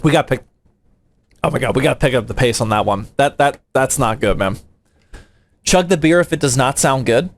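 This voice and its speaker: A man's voice: medium pitch, lively intonation, a little fast, long pauses. A young man from the United States, a PC building streamer, chatting casually with his live chat in a slangy, playful way.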